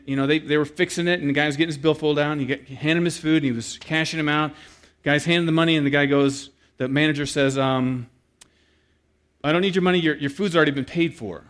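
A man's voice: on the high side, smooth. Man preaching with acted-out stories. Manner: animated storyteller who acts out quoted voices, then turns quiet and earnest. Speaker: pastor. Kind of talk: sermon with storytelling.

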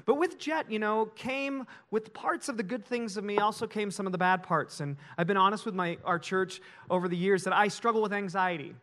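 A man pastor telling stories in an animated sermon. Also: sits high, a little fast, few pauses. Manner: animated storytelling.

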